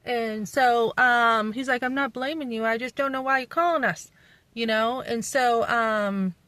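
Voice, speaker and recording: A woman's voice: mid-range voice, fairly bright tone, no room sound, rough recording. A middle-aged woman from New England, talking bluntly and rambling with fillers in a casual vlog, recorded on a phone in her parked van. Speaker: vlogger.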